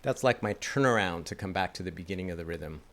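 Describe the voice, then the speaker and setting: A man's voice: sits low, expressive, quick pace, a bit bright, soft background music. A man teaching a didgeridoo lesson in a casual, enthusiastic way, chatting and laughing at his own slips. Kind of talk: casual instructional talk.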